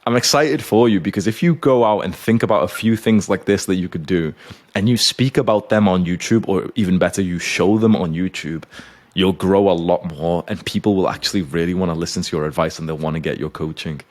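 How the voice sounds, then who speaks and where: A man's voice: low voice, a little fast, darkish tone. A young man who coaches YouTubers, giving an intense motivational monologue to camera and swearing often. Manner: intense, swears often, urgent pep talk.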